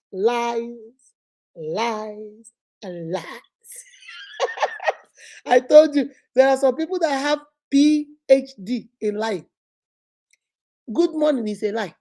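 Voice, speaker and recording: A middle-aged woman lectures on relationships in a high, mellow voice. She is animated and preachy and acts out other people's lines as she goes. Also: vocal fry. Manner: animated, preachy, mimics voices and laughs often. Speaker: host. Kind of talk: motivational talk on relationships.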